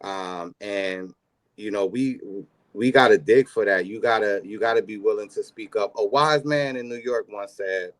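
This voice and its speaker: A man co-hosting a podcast in casual chat, earnest and halting, with many pauses and fillers. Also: fairly low pitch, no room sound. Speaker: podcast co-host.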